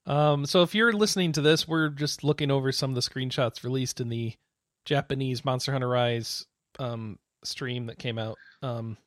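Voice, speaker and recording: A man co-hosting a gaming podcast in casual chat, excitable and quick to exclaim. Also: mid-range voice, dry recording, clean studio sound. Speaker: podcast co-host.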